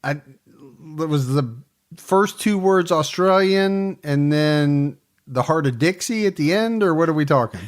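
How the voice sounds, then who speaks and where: Chatty male podcast host. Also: a little high. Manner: chatty, reads names with quick asides. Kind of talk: casual chat.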